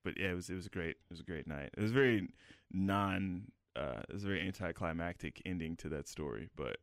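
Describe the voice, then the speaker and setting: A man's voice: low-pitched, brisk, no echo, clean studio sound. A man, a comedian, telling a crude rambling anecdote in casual podcast chat.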